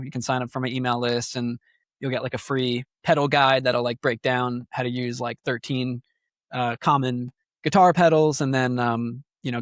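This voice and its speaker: A man's voice: mid-range voice, gravelly, fairly bright tone, no echo, clean studio sound. A young adult man, a guest guitarist, talking in a casual podcast conversation and telling stories in a rambling way full of fillers. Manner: rambling, filler-heavy storytelling.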